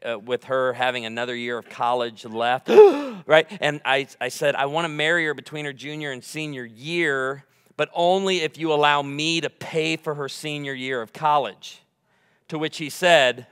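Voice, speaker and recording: A man's voice: a little high, animated, moderate pace, pushed and bright, clean tone, in a large hall. A man in his forties giving a humorous sermon in a church, bantering playfully with the congregation. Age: 40s. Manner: joking, playful crowd banter. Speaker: guest preacher. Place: church sanctuary before a congregation.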